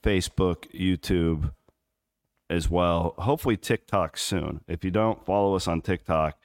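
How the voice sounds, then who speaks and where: Low, smooth-voiced man chatting casually. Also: a little slow, no room sound, clean studio sound. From Southwest Iowa. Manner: rambling, filler-heavy. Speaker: podcast co-host. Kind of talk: casual sports chat. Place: on the road in Memphis.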